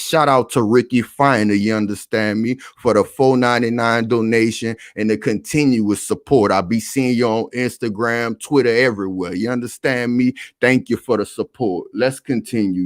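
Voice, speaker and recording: Animated man hosting reaction commentary. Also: medium pitch, no echo, studio quality. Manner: animated, repetitive, addresses the audience directly. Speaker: online commentary host.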